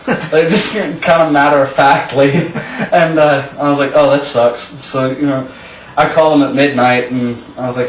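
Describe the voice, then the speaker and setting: A man's voice: mid-range voice, fairly even intonation, measured pace. A young man casually telling a rambling party story, laughing often as he goes. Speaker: co-host telling stories. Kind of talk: casual chat. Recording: echoey room, mic far off, faint hiss.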